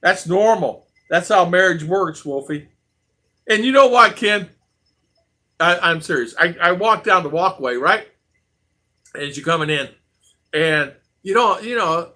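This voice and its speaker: A middle-aged man from the United States chats casually on a livestream, reading comments and spinning stories. His voice is bright and forceful, with lively swings in pitch as he acts out quotes and laughs along. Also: moderate pace, long pauses. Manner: storytelling with laughs and acted-out quotes. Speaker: vlog host reading live chat.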